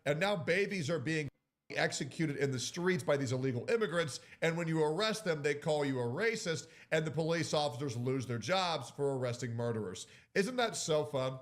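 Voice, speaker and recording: A man's voice: on the high side, animated, normal speed. A man giving heated, sarcastic commentary in a ranting way.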